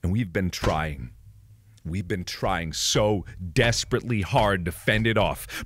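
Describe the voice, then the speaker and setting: A man in his twenties giving a mock-solemn rallying monologue to camera, melodramatic and swinging between hushed and booming lines. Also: expressive, slow, a little hiss or hum. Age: 20s. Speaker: video creator.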